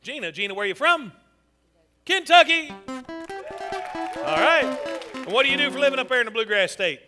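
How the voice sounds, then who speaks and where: A man hosting a comedy show, teasing audience members in a loud, folksy way. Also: very high voice, lively intonation, very fast, faint music behind. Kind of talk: audience participation stand-up. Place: theater stage with live audience. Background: audience laughter.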